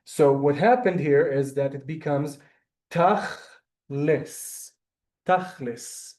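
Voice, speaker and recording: A man's voice: on the high side, measured pace, a little mellow. Talkative, courteous man teaching a class. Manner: talkative and courteous, apologizes and says ma'am. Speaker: Hebrew teacher. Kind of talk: online class lecture. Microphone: video call.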